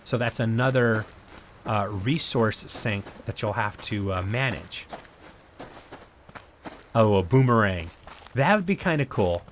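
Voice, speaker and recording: A man streaming a survival game live, thinking aloud in a relaxed, rambling way as he plays. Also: on the low side, a little slow, pauses often, slight background noise. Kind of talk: casual live-stream gameplay commentary.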